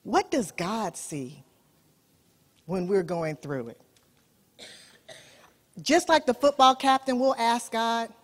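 A woman's voice: a little high, takes it slowly, long pauses, in a large hall. A woman preaching a sermon, telling a story with animation and speaking straight to her listeners.

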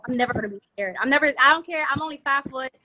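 Brief: brash young woman from the DMV, bright voice, slightly high, laughs a lot. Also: racing, a little hiss or hum. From DMV area, US. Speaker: music artist guest. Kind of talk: casual interview chat.

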